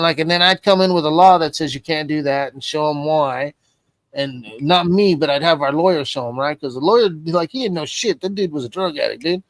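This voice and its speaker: A man with a fairly high voice, heard up close and dry with no room echo. He tells a long story in loose, swear-filled chat, jumping between his own words and the voices of the people in it. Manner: profane, rambling, acts out quoted voices. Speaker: stream host.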